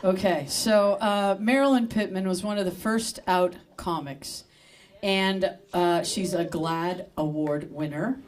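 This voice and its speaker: A woman's voice: lowish voice, fairly even intonation, slow. A woman hosting a live comedy show in a store, introducing the comedian with joking, rambling asides. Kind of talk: casual stage introduction.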